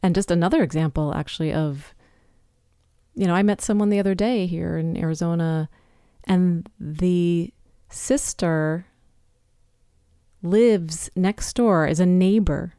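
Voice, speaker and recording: A woman's voice: lowish voice, measured pace, mellow, clean tone, no echo. Woman in her fifties, podcast host, casual solo talk, self-deprecating, dry close sound. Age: 50s. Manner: chatty, candid, self-deprecating.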